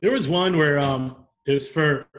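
A man's voice: a little high, measured pace. A man co-hosting a casual comedic chat, easygoing, with dry asides and a lot of friendly agreement. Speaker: podcast co-host.

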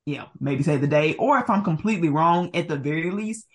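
A low-pitched, animated woman talks fast while co-hosting a sports podcast. She's chatty and laughs a lot, often hedging with "like."

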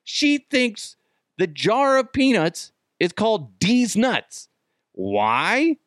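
A man's voice: high voice, sing-song, extremely slow, a bit bright, no room sound, studio quality. A middle-aged man hosting a podcast, telling casual stories with swearing and laughter and acting out the voices of the people in them. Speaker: podcast host. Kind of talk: casual storytelling monologue.

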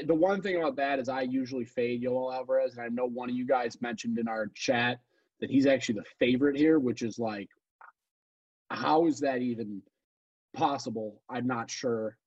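A man's voice: medium pitch, a little mellow, dry recording, lo-fi sound. A man co-hosting a podcast, talking casually about betting picks with rambling asides and self-corrections. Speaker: podcast co-host. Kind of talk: casual sports betting chat.

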